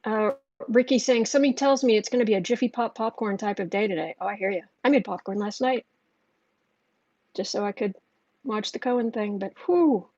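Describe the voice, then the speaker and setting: A woman's voice: mid-range voice, brisk, a little mellow. A woman in casual live-stream chat as a tarot reader, talking in an emotional, rambling flow full of restarts. Her voice sits in a middling range. The sound is dull and lo-fi, and dry with no room echo. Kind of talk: casual live-stream chat, reading viewer comments aloud.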